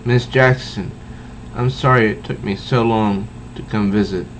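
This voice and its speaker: A man voicing a calm, gentle woman team leader, reading her reassuring words from a comic. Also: fairly low pitch, measured pace, slight background noise, low-quality recording. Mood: kind.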